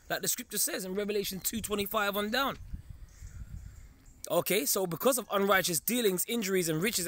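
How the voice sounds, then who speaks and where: A man preaching an informal sermon in an emphatic, conversational way, often pausing to check in with his listeners. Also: sits high, fairly bright tone, dry recording. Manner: emphatic, keeps checking in with listeners, chuckles darkly.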